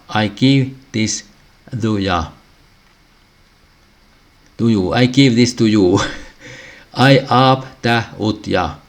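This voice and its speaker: A man slowly reading out a language lesson, pausing often and clearing his throat between phrases. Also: medium pitch. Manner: halting, frequent throat clearing. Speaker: language teacher.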